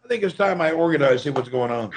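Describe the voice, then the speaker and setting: A man's voice: fairly high pitch, animated, fast. A man chatting casually on a live stream, grumbling while distracted. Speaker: guest.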